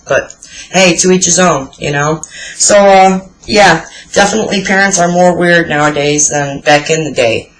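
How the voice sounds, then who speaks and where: A woman's voice: on the low side, moderate pace, low-quality recording. A woman in her forties chatting casually to camera, telling blunt, profane stories with plenty of swearing. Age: 40s. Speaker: vlogger answering a tag video. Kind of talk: casual chat.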